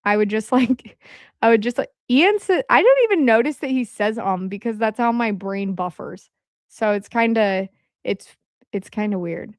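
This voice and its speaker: A woman hosts a relaxed livestream from home, rambling in a casual chat and filling her pauses with "um." Her voice sits a little high and comes across smooth and clear. The sound is dry, with no room echo. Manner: rambling, with frequent "um" fillers. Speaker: livestream host.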